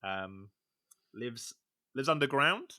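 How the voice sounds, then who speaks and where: A man co-hosting a casual gaming podcast, describing things bit by bit with plenty of pauses and ums. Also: mid-range voice, sing-song, sharp tone. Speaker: podcast co-host.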